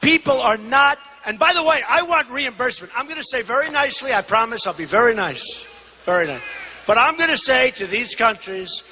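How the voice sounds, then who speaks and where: A man in his sixties giving an emphatic, repetitive campaign rally speech, often shouting. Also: extremely high pitch, animated, brisk, breathy edge, big-room sound. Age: 60s. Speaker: political candidate. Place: large indoor arena.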